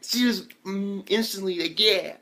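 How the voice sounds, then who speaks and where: A young man recapping an anime episode in casual slang, excitable and full of swearing and fillers. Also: mid-range voice, a little fast. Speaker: anime reviewer.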